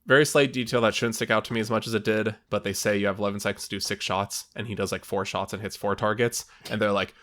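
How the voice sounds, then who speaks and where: A man's voice: on the low side, fairly even intonation, fast talker, few pauses, a bit bright. A young man co-hosting a podcast, casually recapping a film plot in a rambling way, with lots of fillers and quoted lines. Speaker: podcast co-host. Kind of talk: casual movie recap chat.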